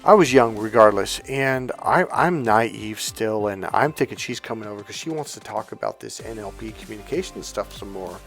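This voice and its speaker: A man's voice: fairly low pitch, expressive, normal speed, hardly any pauses, fairly bright tone, soft background music. A man, a dating coach, telling a rambling personal story in a casual way, swearing freely and correcting himself as he goes. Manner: rambling, self-correcting, swears casually, acts out past dialogue.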